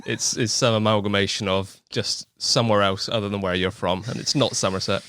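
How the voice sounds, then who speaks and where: A man's voice: on the low side, fairly even intonation, fairly bright tone, clear, resonant tone, dry recording. A young man with a West Country accent, a podcast guest chatting in a jokey, self-mocking way. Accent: West Country English. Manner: jokey and quick-talking, laughs at himself. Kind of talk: casual interview chat.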